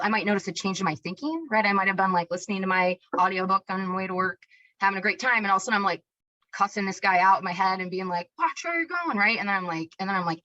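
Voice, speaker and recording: Energetic woman presenting a webinar, lo-fi audio. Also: fairly low pitch. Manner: energetic, self-described hyperactive, many tag questions and restarts. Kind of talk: explanatory webinar talk.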